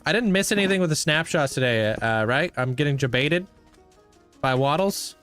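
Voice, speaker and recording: A man's voice: on the high side, animated, moderate pace, a bit bright, smooth, soft background music. A young man livestreaming a game, chatting casually and greeting viewers by name. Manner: laid-back, thanks and greets viewers by name. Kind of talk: casual chat with live viewers while playing.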